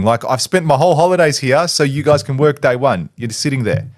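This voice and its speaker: A man's voice: fairly high pitch, fairly quick, dry recording, clean studio sound. A man, co-hosting a podcast in casual chat, a blunt storyteller who swears and acts out what people said. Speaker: podcast co-host.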